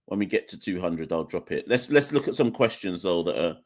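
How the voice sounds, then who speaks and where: A young man born in Jamaica, speaking with an English accent, hosts a live call-in podcast. His low, expressive voice moves a little fast, and his talk is rambling and conversational, full of restarts and self-corrections.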